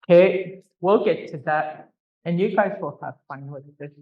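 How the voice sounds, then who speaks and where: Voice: mid-range voice, measured pace. A language teacher leading a classroom pronunciation lesson, drilling words by repetition, patiently correcting students and teasing them good-humouredly. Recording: dull lo-fi classroom recording.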